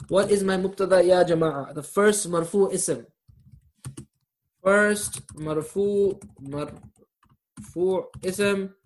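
A man teaching a live online grammar class over a video call, quizzing his students and laughing at his own jokes. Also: high voice.

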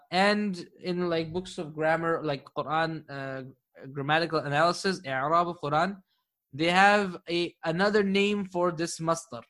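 A man teaching an Arabic grammar class, patiently quizzing his students, praising their answers and slowing down to spell out key terms. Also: high-pitched, fairly bright tone. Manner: slows down to dictate key terms.

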